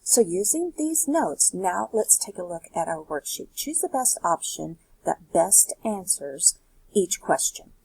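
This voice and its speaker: Gravelly-voiced woman teaching Spanish. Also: fairly low pitch, sing-song, measured pace, a little mellow, no echo, poor audio. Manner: explains step by step, asks rhetorical questions. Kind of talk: recorded worksheet lesson.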